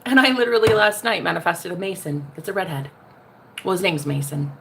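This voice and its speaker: A woman's voice: fairly low pitch, fairly quick, vocal fry, a little hiss or hum. A woman in a casual spiritual vlog, talking sassily and directly to viewers, calling them honey and laughing often. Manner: sassy, talks straight to the viewer, calls them honey; laughs often, jumps between loud and hushed. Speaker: vlogger.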